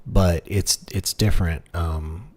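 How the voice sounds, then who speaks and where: A man's voice: low voice, fairly even intonation, slow pace. A man chatting casually on a livestream through a headset microphone, rambling and self-deprecating with frequent restarts. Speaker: streamer. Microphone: headset microphone with monitoring.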